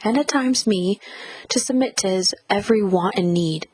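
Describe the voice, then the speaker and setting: Woman narrator, husky voice, dry close sound, measured reflective audiobook reading. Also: medium pitch, darkish tone, dry recording, poor audio. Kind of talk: first-person audiobook narration.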